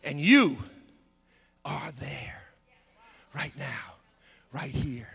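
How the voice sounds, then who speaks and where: High, bright-voiced preaching man. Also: expressive, normal speed, creaky, husky, big-room sound. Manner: impassioned preaching, swinging between shouts and hushed tones. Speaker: pastor. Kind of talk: sermon.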